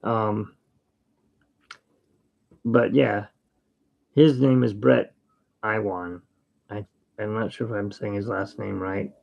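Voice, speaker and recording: Slow, gravelly-voiced man rambling while drawing. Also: on the low side, fairly even intonation, lo-fi sound. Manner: rambling and jokey. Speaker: artist and channel host. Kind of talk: casual chat while drawing.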